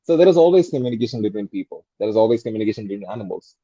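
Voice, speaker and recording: A man's voice: on the low side, animated, racing, mellow, slightly rough, no room sound, lo-fi sound. A man in his twenties whose first language is Malayalam, an English tutor chatting casually and thinking aloud with many fillers and restarts. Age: 20s. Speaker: English tutor and soft skills trainer. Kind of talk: casual conversational interview.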